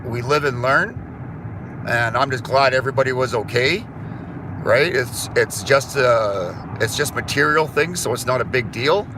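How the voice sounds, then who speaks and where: Inside a car, a middle-aged Canadian vlogger chats casually with his viewers while driving, easygoing and rambling, swearing and then apologizing. His voice is mid-range at a moderate pace, with a noisy background.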